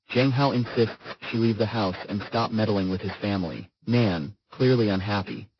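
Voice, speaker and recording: A man narrating a comic story recap in scripted form, with a steady, even storytelling delivery. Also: lowish voice, dull audio, background noise.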